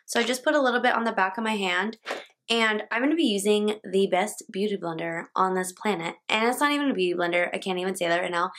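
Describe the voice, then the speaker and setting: A young woman talks through her makeup routine at home in a relaxed, chatty way. She stumbles over product names and laughs them off. Her voice sits at an ordinary middle pitch. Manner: chatty, casual, laughs at own slips. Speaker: beauty vlogger. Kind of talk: makeup tutorial talk-through. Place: home, indoors.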